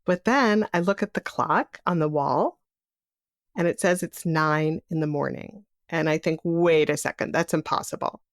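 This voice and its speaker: Storyteller: middle-aged woman, lowish voice, vivid present-tense retelling, close dry mic. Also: measured pace, no room sound. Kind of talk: live personal storytelling.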